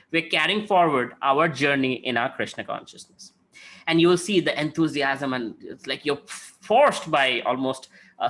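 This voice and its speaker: A man's voice: a little high, sharp tone. A man giving a conversational devotional talk, telling stories and often checking in with "right?". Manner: conversational, frequent "right?" tags, acts out quotes. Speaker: spiritual speaker.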